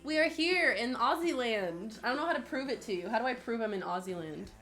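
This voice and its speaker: A young woman guesting on a casual gaming stream, jokey and teasing, full of quick banter. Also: fairly high pitch, expressive, fairly bright tone.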